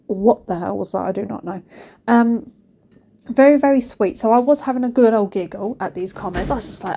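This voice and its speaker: A woman's voice: medium pitch, brisk, mellow, slightly rough. A British woman chatting through a cleaning vlog, rambling and self-mocking with playful asides. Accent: British English. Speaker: cleaning vlogger. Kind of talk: chatty voice-over while cleaning. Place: home kitchen.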